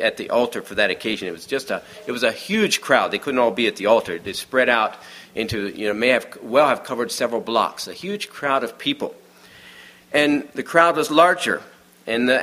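Man, preacher, conversational sermon, hushed drops, frequent restarts. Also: mid-range voice. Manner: conversational, dropping to a hush for quiet moments; many restarts and fillers, informal aside.

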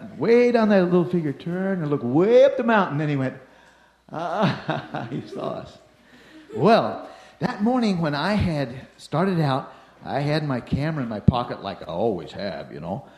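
An older man telling a personal story in an animated way, acting out the voices and shouts of the people in it. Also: a little high, normal speed. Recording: roomy echo.

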